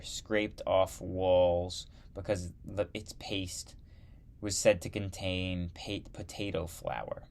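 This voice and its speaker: A man teaching history, reading a textbook aloud slowly and adding wry asides. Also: low voice, a little mellow.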